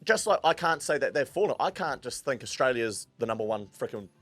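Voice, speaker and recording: A man's voice: medium pitch, expressive, a little fast, fairly bright tone, soft background music. A man with a New Zealand accent bantering loosely about sport on a podcast, full of slang. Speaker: podcast co-host. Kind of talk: casual sports chat.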